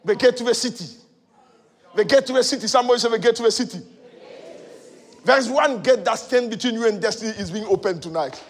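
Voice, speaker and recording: A male preacher giving a sermon, moving between loud shouted exhortation and quiet teaching. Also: very high-pitched, fast talker, pauses often, slightly rough. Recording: long hall reverb.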